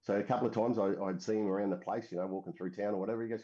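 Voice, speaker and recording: A man's voice: fairly low pitch, fairly even intonation, racing, warm tone. A man with an Australian accent, a military veteran, telling a long story casually in an interview, full of fillers and restarts. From Western Australia. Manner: rambling, frequent fillers and restarts. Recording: dull lo-fi audio.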